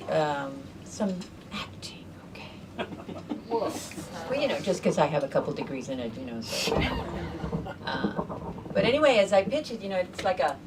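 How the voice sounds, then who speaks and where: A middle-aged woman telling a personal story to a live audience in an animated, conversational way, acting out other people's voices. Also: lowish voice, far from the mic, background noise. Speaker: storyteller host.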